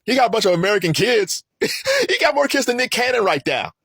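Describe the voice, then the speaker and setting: A man's voice: very high voice, huge pitch swings, a little fast, gravelly, fairly bright tone, slightly rough, no room sound, studio quality. A man giving heated solo political commentary, asking rhetorical questions and mocking his opponents.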